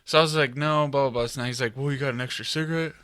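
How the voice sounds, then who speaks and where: A man's voice: mid-range voice, steady tone, very fast, a bit bright, smooth, no echo. A man with an Ohio accent co-hosting a casual podcast, rambling through a story with fillers and laughs. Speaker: podcast co-host. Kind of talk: casual chat.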